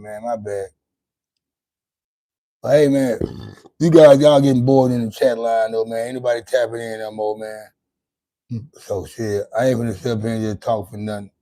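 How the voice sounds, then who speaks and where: In a casual livestream monologue, a male host chats to his viewers in a loose, profane, rambling way, restarting often. He speaks at a moderate pace with a warm, mid-range voice and fairly even intonation.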